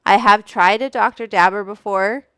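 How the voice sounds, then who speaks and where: A woman's voice: medium pitch, normal speed, pushed and bright, clean tone, no room sound. A woman hosting a casual livestream from home, chatting in a rambling way, reading out viewer names and swearing freely into a studio microphone. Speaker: livestream host. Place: room at home.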